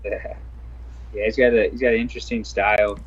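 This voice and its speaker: Man, interview guest, relaxed, easygoing, lowish voice, muffled lo-fi sound. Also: a little fast, husky. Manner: laid-back, easygoing, repeats words while thinking. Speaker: interview guest, grappling competitor and instructor. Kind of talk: casual interview chat.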